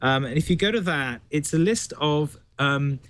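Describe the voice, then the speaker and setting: A man talking on a casual tech panel, with a fairly high voice that rises and falls with lively swings. He explains things with frequent restarts. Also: moderate pace. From United Kingdom. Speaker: tech podcast guest.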